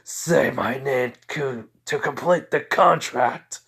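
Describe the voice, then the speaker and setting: A man voicing a menacing male spirit of rage and fury in a homemade fan story, speaking in slow, looming declarations. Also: medium pitch, fairly bright tone, husky, heavily acted.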